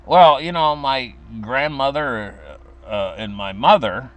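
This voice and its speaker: A man's voice: slow, a bit bright, no echo, dull audio. An older man casually telling a story from his childhood, rambling with fillers and restarts. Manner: acts out quoted voices in a high pitch.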